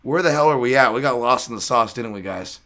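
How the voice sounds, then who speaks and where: Bright-voiced rambling podcast host, a man. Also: mid-range voice, animated, quick pace. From Chinese heritage. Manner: rambling, laughing storyteller. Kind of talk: casual podcast chat.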